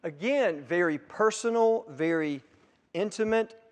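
A man preaching a sermon as pastor, emphatic, swelling loud on key words and dropping low on others. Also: lively intonation, a little slow. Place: church sanctuary. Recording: long reverb of a church hall.

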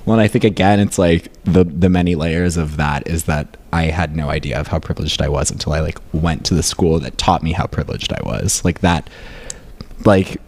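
A man's voice: a bass voice, brisk, darkish tone. A young man from rural upstate New York, chatting casually as a guest, rambling with many fillers and restarts. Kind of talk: casual chat.

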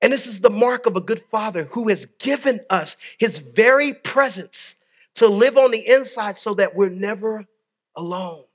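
Very high-voiced man preaching a sermon. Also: animated, moderate pace, highs cut off. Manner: call-and-response preaching to a congregation; conversational, folksy asides. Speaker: pastor.

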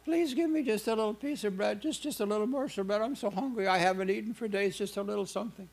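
A man's voice: sits high, fast talker, creaky, pitched above the performer's own voice. A man voicing a hungry, ragged young beggar woman who pleads for bread. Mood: pleading. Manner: pleading, whimpering.

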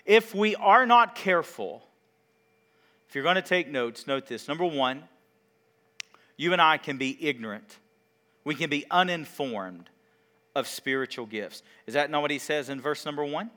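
A man preaching a sermon, asking the congregation questions and swinging between loud emphasis and quiet, drawn-out words. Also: sits high. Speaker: pastor.

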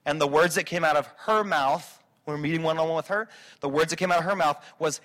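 A man preaching a sermon as a pastor, swinging between quiet reflection and loud, driving emphasis. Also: fairly high pitch, fast.

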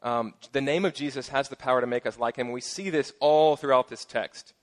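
A middle-aged man preaching a sermon as pastor, casual and playful with joking asides and lively emphasis. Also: medium pitch, fairly quick.

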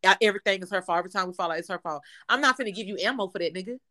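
A woman's voice: mid-range voice, very fast, pushed and bright. A woman co-hosting a podcast who talks bluntly and emphatically in casual chat. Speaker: podcast co-host.

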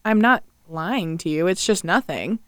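A woman co-hosting a casual podcast, pushing back on her partner's points in quick bursts. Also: fairly low pitch, lively intonation, fairly bright tone, dry recording, studio quality. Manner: defensive, laughs easily, talks in quick bursts. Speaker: podcast co-host. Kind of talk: casual chat.

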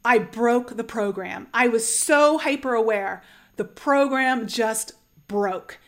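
A young adult woman earnestly recounting a personal experience on her channel, animated and full of "like" fillers. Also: fairly high pitch, slow pace. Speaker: channel host sharing a personal story. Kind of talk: emotional personal storytelling.

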